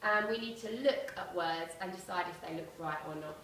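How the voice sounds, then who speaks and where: A woman, a primary teacher explaining phonics to parents, clearly spelling out letters. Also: lowish voice, moderate pace, a bit bright, slight background noise. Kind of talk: presentation to parents. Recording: echoey room from far off.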